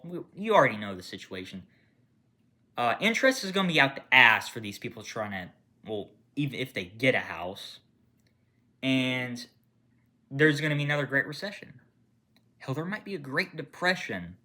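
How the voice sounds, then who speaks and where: A man angrily ranting to camera with lots of swearing, rambling and restarting, swinging from low mutters to loud outbursts. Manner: angry, profane, rambling with restarts. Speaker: gaming channel creator. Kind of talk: unscripted political rant to camera.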